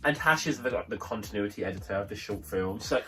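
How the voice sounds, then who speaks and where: A man's voice: lowish voice, fast, slightly rough, faint music behind. A young man co-hosting a review show, telling a long story in casual chat and acting out the voices of the people in it. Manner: chatty, animated storyteller, acts out voices. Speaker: podcast co-host.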